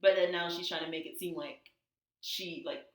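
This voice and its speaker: A woman co-hosting a casual podcast, telling gossip and acting out quotes in high voices. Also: steady tone, normal speed. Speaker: podcast co-host. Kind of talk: casual chat. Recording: echoey room.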